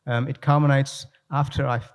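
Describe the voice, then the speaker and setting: A man's voice: medium pitch, moderate pace, clear, resonant tone. Aussie guy talking to a crowd, storytelling, keeps restarting his sentences. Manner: animated storyteller, frequent restarts. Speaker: guest speaker, leadership coach. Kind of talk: live talk with anecdotes. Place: room with a live audience.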